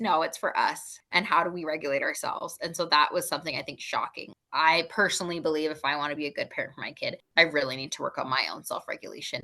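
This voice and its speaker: A woman's voice: sits low, vocal fry, pushed and bright. A woman in her thirties talking casually as a podcast guest, chatty and full of "like", laughing easily.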